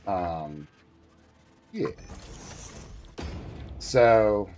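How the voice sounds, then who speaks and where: A man's voice: lowish voice, animated, drawn-out words, a little mellow, a little hiss or hum. A man streaming a game, chatting casually in a rambling way, with lots of fillers and some swearing.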